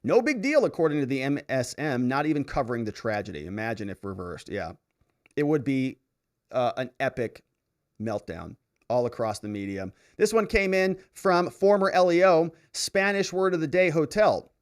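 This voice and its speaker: A man's voice: mid-range voice, normal speed. A man hosting a live stream, reading viewer comments aloud and reacting with frequent laughter and exclamations. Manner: animated, laughs often, reacts loudly to comments. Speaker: livestream host reading viewer chats. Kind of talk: casual live-stream chat.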